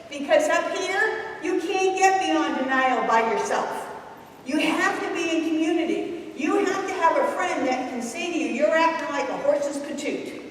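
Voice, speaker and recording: High-voiced woman in an echoey hall. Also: normal speed, distant mic, slight background noise. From New England. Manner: lively, questions the audience directly. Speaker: speaker at a youth ministry talk. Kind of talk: animated talk to a youth group. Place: church hall.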